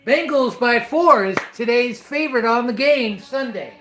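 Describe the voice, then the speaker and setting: A man with a very high, expressive voice talks at a normal speed while hosting a casual live stream in the role of a father. He's folksy and chatty about betting odds, calling his listener "son." The room is echoey, with loud music playing.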